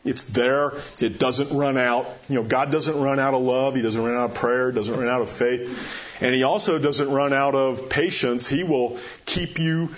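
Male pastor mid-sermon, lively delivery swinging between excited questions and hushed appeals, mid-pitched voice, slightly muffled recording. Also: unhurried. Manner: animated, rising to excited questions and dropping to quiet appeals.

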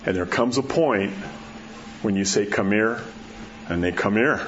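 Man preacher, folksy storyteller, sinks to hushed tones for emphasis, a little muffled with faint room hum. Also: fairly low pitch, normal speed. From New Mexico. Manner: folksy storytelling, drops to a soft hush at key words. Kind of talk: sermon.

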